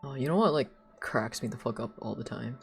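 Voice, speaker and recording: A woman's voice: rumbling low, brisk, vocal fry, darkish tone, faint music behind. A young woman streaming live, chatting casually in a rambling, giggly way with lots of filler words. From United States.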